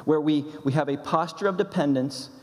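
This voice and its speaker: A male pastor delivers a sermon in an emphatic, deliberate way, driving home each point by repeating it. His voice sits a bit high for a man and rings out with a long reverb from a large hall. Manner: emphatic, repeats key phrases.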